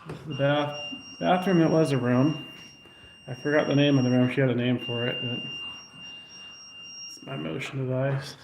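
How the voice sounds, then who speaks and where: A man on a ghost-hunting walkthrough of an old house, calling out in hushed tones to unseen spirits and recorded on a handheld phone. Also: mid-range voice, normal speed, vocal fry, long pauses. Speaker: paranormal investigator. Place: indoors in an old house at night. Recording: steady background hiss and room noise.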